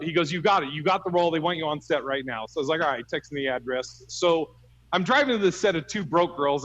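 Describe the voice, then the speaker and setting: Male stand-up comic, higher voice, storytelling set on a video call, swears and laughs through his punchlines. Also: a bit bright, lo-fi sound. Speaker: stand-up comedian.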